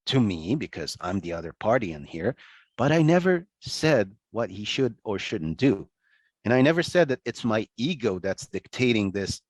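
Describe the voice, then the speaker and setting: A man giving an online lecture over a video call, talking in a conversational, animated way with many restarts and asides. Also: mid-range voice, unhurried, no echo.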